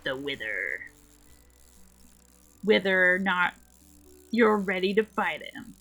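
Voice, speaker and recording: A woman chats as she plays through a game stream. She talks at an easy, unhurried pace and wanders from one topic to the next, rambling cheerfully. Light game music plays softly in the background. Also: mid-range voice, flat delivery. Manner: playful, rambling, chatty. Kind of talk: casual gameplay chat.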